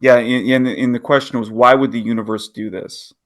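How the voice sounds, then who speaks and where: A man's voice: mid-range voice, fairly even intonation, a little fast. A man co-hosting a podcast in casual chat, playful and teasing. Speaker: podcast co-host.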